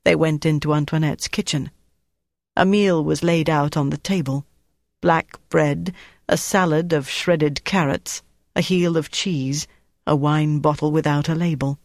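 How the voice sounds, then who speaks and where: Steady audiobook narrator, dry close sound. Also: mid-range voice, measured pace, gravelly, no room sound. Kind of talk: scripted narration.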